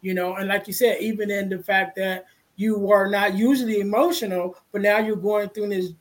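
A man hosting a casual podcast interview, speaking in a measured, affirming way. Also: sits high, fairly even intonation. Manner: measured, affirming, says "you know" often. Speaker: podcast host.

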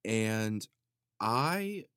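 A lower-voiced man riffing on viewer comments with mock outrage. He jumps from sudden loud outbursts to quiet muttered asides. The sound is dry and close, with no room around it. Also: sing-song, very slow, smooth, no echo. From Italian heritage. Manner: dramatic, playfully indignant, jumps between loud outbursts and muttering. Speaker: vlogger reading viewer comments. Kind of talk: casual comedic monologue.

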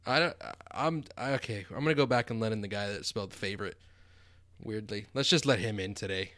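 A man's voice: on the low side, a little fast, fairly bright tone, dry recording. Podcast guy, jokey and teasing, laughs a lot, dead dry mic. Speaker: podcast co-host. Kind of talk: casual chat.

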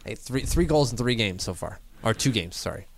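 A man co-hosting a casual sports podcast, animated and quick to laugh, thinking out loud as he talks. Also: medium pitch, no echo. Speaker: podcast co-host.

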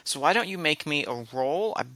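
A man narrating as game master of a tabletop game, in a relaxed, loose style with frequent restarts and fillers. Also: on the high side, a little fast, dry recording.

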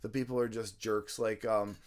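A man's voice: fairly low pitch, brisk. Easygoing young man. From United States. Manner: easygoing, relaxed storytelling with ums and "you know". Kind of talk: casual chat.

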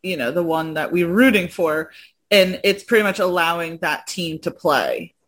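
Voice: medium pitch, animated, moderate pace, fairly bright tone. A speaker in casual chat, enthusiastic, swearing casually and laughing often. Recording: faint background noise.

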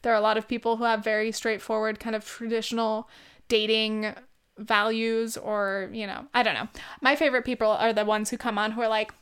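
A woman's voice: a little high, flat delivery, fairly quick, fairly bright tone, clear, resonant tone. A young woman in her twenties talking casually in a rambling way, full of "like" and swearing, with frequent laughs. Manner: rambling, lots of "like", swears freely, laughs often. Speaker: vlogger. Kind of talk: casual chat.

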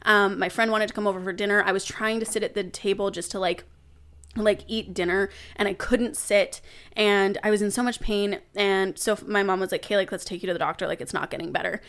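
A young adult woman, a podcast guest, telling a personal story in casual chat, animated, laughing and swearing now and then. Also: medium pitch, fairly quick.

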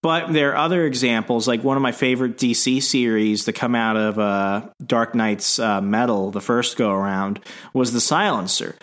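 A man co-hosting a casual podcast, speaking thoughtfully about comics and pausing often as he sorts through his thoughts. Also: medium pitch, steady tone, a bit bright. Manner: thoughtful, lots of fillers, restarts. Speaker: podcast co-host. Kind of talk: casual chat.

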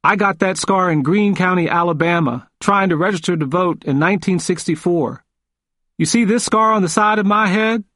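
A man playing a hoarse, intense old man in his seventies, a civil rights veteran who speaks forcefully and with emphasis. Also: high-pitched, moderate pace, no echo, studio quality, voice pushed up. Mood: fierce. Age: 70s.

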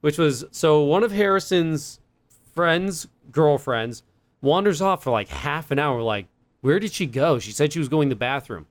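A man's voice: on the high side, lively intonation, normal speed, dry recording. A young man, a podcast co-host rambling through a story in casual chat with fillers and laughs.

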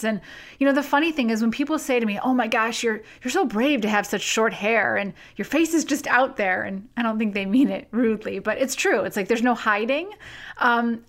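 A middle-aged woman talks through a solo podcast episode in a candid, conversational way. Her voice sits a little high, and she pokes fun at herself as she shares a personal story and reads aloud from her book. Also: fairly bright tone. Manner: candid, self-deprecating and conversational. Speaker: podcast host.

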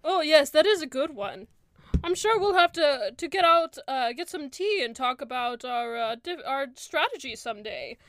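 A woman doing an eager high-voiced elf cleric. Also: normal speed, no echo. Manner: eager, excitable.

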